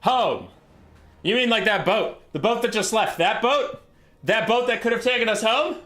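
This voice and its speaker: Man doing a shrill, exasperated elf warrior. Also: very animated, normal speed, bright, forceful tone, exaggerated voice. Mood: incredulous. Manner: high-pitched, exasperated, sarcastic.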